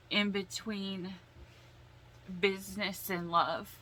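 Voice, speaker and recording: A woman reads tarot cards in a casual, heartfelt way, often pausing to sigh and steady herself against tears. Her voice sits a little low and she takes her time over every phrase. A faint hiss of noise sits under the recording. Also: poor audio. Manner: slow, emotional, sighing and holding back tears. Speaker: tarot reader.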